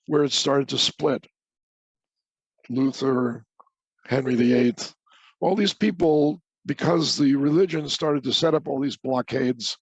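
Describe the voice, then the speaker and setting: A man's voice: medium pitch, vocal fry, husky, no echo, muffled recording. An older man, a guest scientist, giving an opinionated conversational lecture with emphatic repetition over a remote call.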